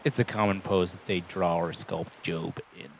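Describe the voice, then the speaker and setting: A man's voice: low voice, fairly even intonation, normal speed, creaky, a little hiss or hum. A man narrating his character's pose in a tabletop role-play, hesitant and searching for words. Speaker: player.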